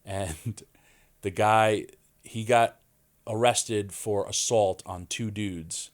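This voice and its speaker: Forties New man, low-pitched, animated podcast guest storyteller. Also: very slow. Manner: animated storyteller, acts out quoted voices. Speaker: wrestling guest.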